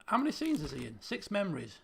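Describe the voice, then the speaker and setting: A man's voice: sits high, huge pitch swings, fast, vocal fry, slight background noise. A man streaming a detective game, thinking aloud and quizzing himself as he pieces clues together. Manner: muses and questions himself. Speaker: let's play streamer. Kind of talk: thinking aloud while playing. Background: game music.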